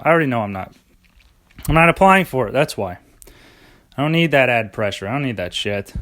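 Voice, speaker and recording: A man's voice: medium pitch, a bit bright. A young man hosting a rambling solo podcast, sarcastic and self-mocking, swearing often. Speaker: podcast host.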